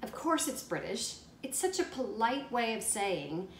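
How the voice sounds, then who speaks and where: A woman's voice: a little high, very animated, a little slow, hardly any pauses. A middle-aged woman vlogger chatting enthusiastically with viewers from her kitchen at home. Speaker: lifestyle vlogger. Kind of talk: casual chat to viewers. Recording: echoey kitchen with faint background noise.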